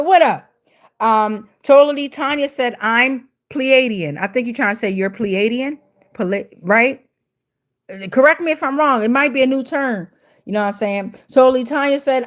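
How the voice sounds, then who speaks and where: A woman hosting a tarot livestream, reading out viewer comments in a slangy, playful, chatty way and greeting people by name. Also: on the high side.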